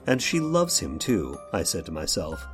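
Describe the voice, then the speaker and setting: A man's voice: sits low, huge pitch swings, moderate pace, faint music behind. An actor playing a fussy, genteel workshop owner who narrates his own story in an old-fashioned, prim way, in a radio drama. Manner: prim, old-fashioned, addresses listener directly.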